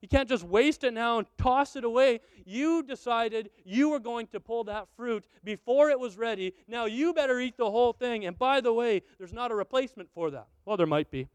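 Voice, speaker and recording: A male pastor preaches with animated storytelling and acts out the people in his stories. His voice sits high and sounds smooth and resonant. The recording is dry and close to the mic. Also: normal speed, hardly any pauses, dry recording. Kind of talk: sermon.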